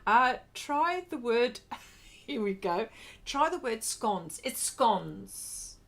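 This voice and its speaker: A woman's voice: fairly high pitch, sing-song, extremely slow, gravelly. An Australian woman hosting a casual art livestream, chatting and answering viewer comments in a rambling, friendly way. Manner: brightens and rises when greeting viewers.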